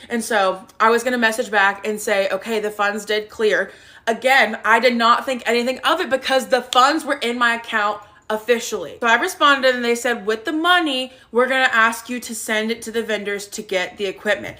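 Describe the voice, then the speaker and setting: A woman telling a storytime vlog, animated and exasperated. Her voice is bright and a touch high. She acts out her own side of the conversation as she goes. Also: brisk.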